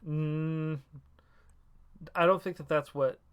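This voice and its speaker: A man's voice: fairly high pitch, fairly even intonation, takes it slowly, clear, resonant tone. A man running a tabletop game as game master, explaining and narrating with frequent hesitations. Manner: hesitant, many ums.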